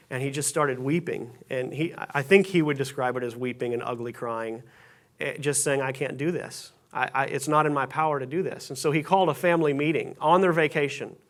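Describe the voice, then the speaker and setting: A pastor giving a casual, storytelling sermon to his congregation, with many restarts and self-deprecating asides. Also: a little high. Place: church sanctuary stage.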